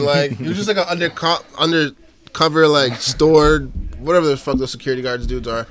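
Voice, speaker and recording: A young man, telling profane stories in an animated, slangy way in casual podcast chat. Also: a little high, fairly quick. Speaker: podcast guest or host.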